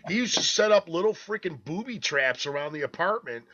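A man with a bright, forceful voice tells a rambling story among friends, swearing freely and chuckling as he goes. The podcast audio is dull and lo-fi. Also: on the high side, animated, brisk. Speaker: podcast co-host.

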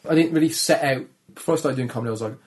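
Rich: A young man speaking with a Black Country accent from Dudley, his voice deep and gravelly at a middling pitch. He chats as an interview guest, shy and low-key, sounding a little downtrodden. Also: very fast, darkish tone. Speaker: comedian guest. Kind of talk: casual interview chat.

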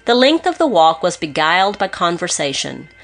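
A woman with a somewhat low voice reads an old gothic novel aloud. Her delivery is measured and expressive, lifting for emphasis on dramatic moments. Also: creaky. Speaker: audiobook narrator. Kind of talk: scripted narration of a gothic novel.

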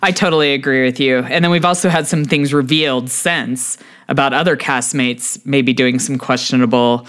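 A podcast co-host with a smooth, clear voice, talking in a relaxed, casual way. Agreeable and quick to hedge, often trailing into "I don't know.". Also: medium pitch.

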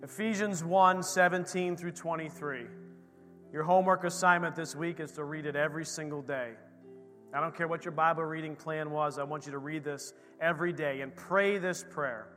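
Pastor, sermon, directive, mid pitch, reverberant hall, faint music. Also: fairly even intonation, moderate pace, a bit bright. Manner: brief affirmations, then directive. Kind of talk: sermon, affirming and leading prayer.

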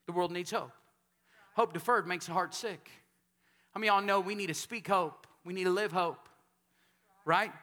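A man from Texas, a pastor preaching a sermon in a church sanctuary, telling stories and building up to shouted calls for amens. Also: high-pitched, normal speed, pauses often.

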